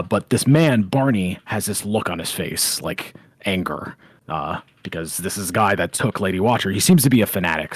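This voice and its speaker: A man narrating a tabletop game as game master, in a halting, filler-heavy way. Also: low voice, no echo.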